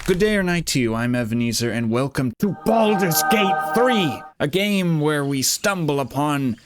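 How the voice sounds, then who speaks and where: A man's voice: a little high, expressive, moderate pace. A man giving joking, rambling let's-play commentary on a fantasy video game. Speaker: gaming video host. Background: game music.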